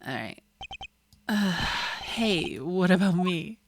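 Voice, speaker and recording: A woman's voice: on the low side, lively intonation, slow, slight background noise. A woman voicing an earnest, slightly flustered young male defense lawyer. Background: game music.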